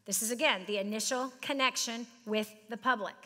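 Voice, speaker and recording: A middle-aged woman giving an animated, joking seminar talk to a live audience, speaking straight to the crowd. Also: fairly high pitch, fairly quick, big-room sound. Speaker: business speaker. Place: large hall with audience.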